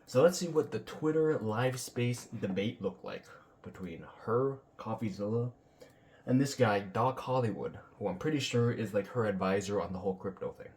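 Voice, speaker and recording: A man's voice: on the low side, normal speed, darkish tone. Blunt, profane man ranting. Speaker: commentary channel host. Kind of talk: ranting reaction commentary.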